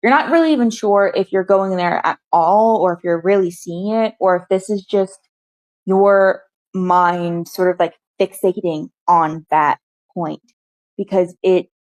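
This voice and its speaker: A woman's voice: lowish voice, a little slow, darkish tone, no echo. A woman narrating as game master of a tabletop game, in a thoughtful, hedging way.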